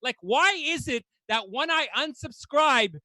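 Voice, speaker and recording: A man's voice: very high voice, animated, a little slow, bright, forceful tone, no echo. A man doing a stand-up comedy set on a club stage, ranting in exasperation and swearing casually.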